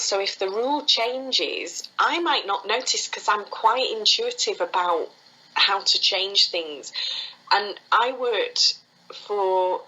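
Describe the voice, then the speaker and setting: A woman, a foot reading teacher telling stories quickly and with animation as a guest in an interview, often laughing. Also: mid-range voice, sharp tone, muffled recording. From England. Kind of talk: conversational storytelling interview.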